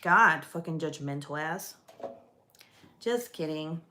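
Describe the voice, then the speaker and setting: A woman's voice: low-pitched, lively intonation, takes it slowly, pushed and bright. A young woman hosting a book club, chatting casually and swearing freely as she rambles through stories. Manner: rambling, swearing, laughing storyteller. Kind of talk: casual chat.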